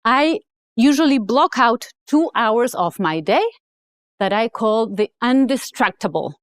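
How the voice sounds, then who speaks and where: A woman gives a motivational talk, telling her story with emphasis. Her voice sits fairly high and leaps lively up and down. The sound is dry and close, with faint music underneath. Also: measured pace, dry recording. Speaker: author and speaker.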